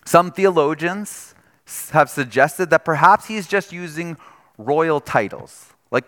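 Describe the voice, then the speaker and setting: A man's voice: a little high, lively intonation, takes it slowly, fairly bright tone, long reverb tail. A man preaching a sermon in a conversational, explanatory way, often checking in with his listeners with "right?". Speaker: pastor.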